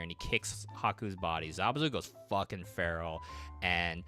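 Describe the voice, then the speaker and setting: Rambling low-voiced man with faint music. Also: bright, forceful tone. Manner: rambling, quoting characters in quick voices, many fillers. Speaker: streamer. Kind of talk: casual recap while drawing.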